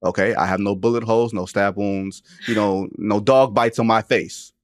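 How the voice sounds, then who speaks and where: A low-pitched man in his thirties hosts a sports podcast, riffing in an animated, joking way. His delivery is emphatic and full of casual slang. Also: normal speed, no echo, clean studio sound. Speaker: podcast host, NBA reporter.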